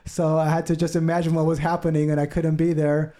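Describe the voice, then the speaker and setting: Man, podcast guest, heartfelt testimony, very deep mellow tone, slightly high pitch. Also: level tone, fast talker. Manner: earnest, heartfelt storytelling; acts out what others said. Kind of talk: personal testimony.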